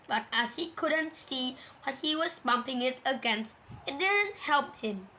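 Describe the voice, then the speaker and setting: A woman reading a children's storybook aloud in a gentle, measured way. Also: high-pitched, slight background noise, rough recording.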